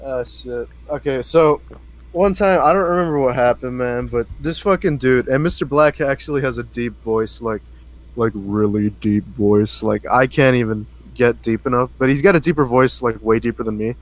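A man's voice: mid-range voice, normal speed. A young man co-hosting a podcast, chatting casually, laughing often and swearing as he tells stories. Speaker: podcast co-host. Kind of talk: casual chat.

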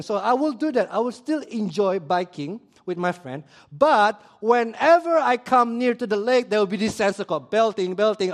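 A man preaching a sermon, telling a childhood story in a lively way and asking the audience questions. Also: very high-pitched, moderate pace. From Indonesia.

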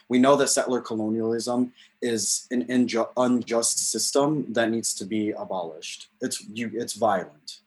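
A man talking in a casual conversation, passionate and emphatic, with many "like" fillers. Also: fairly low pitch.

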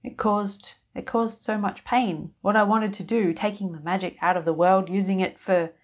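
A woman's voice: medium pitch, steady tone, moderate pace, natural voice. A woman voicing a twitchy, guilt-ridden male wizard who stammers and breaks off mid-sentence. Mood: anguished.

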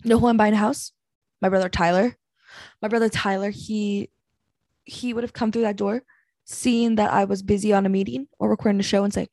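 A young woman hosts a solo podcast from her small house, ranting casually through rambling stories with exasperation and heavy profanity. Her voice is medium-pitched and a little mellow, fairly quick with fairly even intonation, and there's no room sound.

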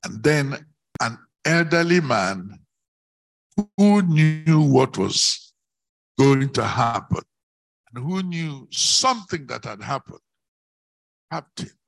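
A man preaching a sermon, slow and declamatory, rising into emphatic shouts on key words. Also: medium pitch, sing-song, vocal fry.

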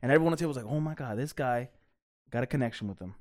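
This man's mid-range voice races as he co-hosts a podcast and tells a story. The chat is casual and profane, and he laughs animatedly while telling it.

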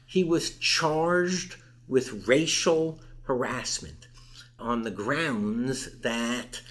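A man's voice: mid-range voice, very slow, a bit bright. An older man telling a story in an interview, with emphasis, acting out the people he quotes. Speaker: interview guest. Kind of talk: recounting a campus case in conversation.

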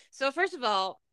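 A woman's voice: high-pitched, no room sound, studio quality. A young woman co-hosting a podcast, telling embarrassing stories in a casual, laughing, expletive-heavy way. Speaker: podcast co-host. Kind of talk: casual storytelling chat.

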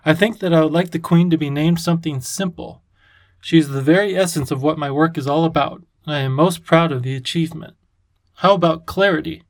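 A man doing a gentle, courteous old professor. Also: on the high side, fairly quick, no room sound, natural voice.

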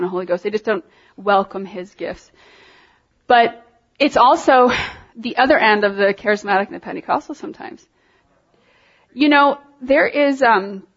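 A woman giving an informal, conversational sermon, talking with animated emphasis and lots of fillers. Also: a little high, lo-fi sound. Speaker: preacher.

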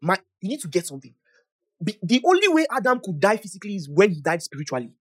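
A young man preaching a sermon, emphatic and animated, swinging from loud declarations to soft asides. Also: high voice, fast, breathy edge. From Nigeria.

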